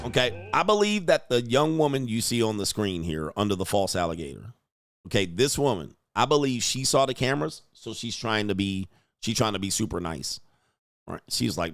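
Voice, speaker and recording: A man's voice: medium pitch, animated, brisk, a bit bright, no room sound, studio quality. A man commenting bluntly and crudely on a video clip while streaming, laughing often.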